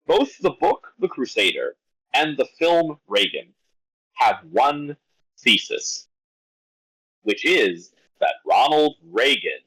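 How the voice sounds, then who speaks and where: The audio is poor, and this man's mid-range voice has a breathy edge as he critiques a film during a laid-back podcast chat. His exasperated rant is full of stumbles and restarts.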